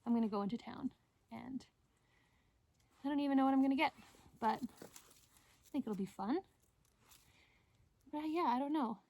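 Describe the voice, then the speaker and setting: A woman's voice: sits high, moderate pace, long pauses, darkish tone, a little hiss or hum. Chatty woman vlogging outdoors. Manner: thinking aloud, unsure, chatty. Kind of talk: casual vlog walkthrough. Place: outdoors in a wooded yard.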